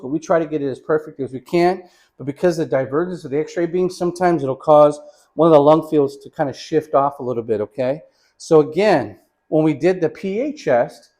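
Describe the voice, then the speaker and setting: A man with a fairly high voice teaches chest X-ray positioning in a relaxed, conversational way. He addresses his students as "you guys" and raises his voice to call breathing instructions to a patient. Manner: gives patient instructions loudly. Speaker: radiography instructor. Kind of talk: hands-on teaching demonstration and storytelling.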